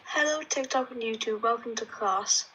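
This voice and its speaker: A woman guest on a remote call, reading a card aloud quietly and flatly, without enthusiasm. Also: on the high side, normal speed, a little hiss or hum, low-quality recording. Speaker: live-stream guest.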